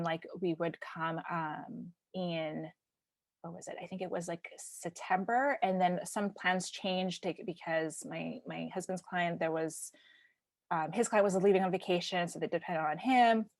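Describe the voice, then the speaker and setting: A woman from Canada, hosting a podcast and telling a personal story in a casual, halting way, with many fillers and restarts and sometimes a hushed near-whisper. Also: lowish voice, dry recording, clean studio sound. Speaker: podcast host.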